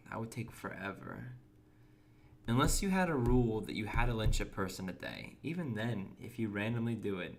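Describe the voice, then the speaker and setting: Low-voiced man streaming a game. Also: a little hiss or hum. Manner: chatty, reads and answers chat, restarts words. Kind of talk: casual gameplay commentary.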